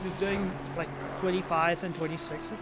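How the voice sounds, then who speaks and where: A man co-commentating a sim race, excitable and amused. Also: high-pitched, normal speed, music in the background. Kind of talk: casual sim racing commentary.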